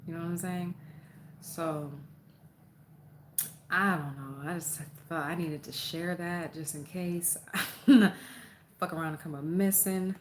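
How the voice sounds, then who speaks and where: A young adult woman vlogging a casual storytime from her apartment, animated and profane as she tells it. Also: fairly low pitch, measured pace, pauses often, a little hiss or hum.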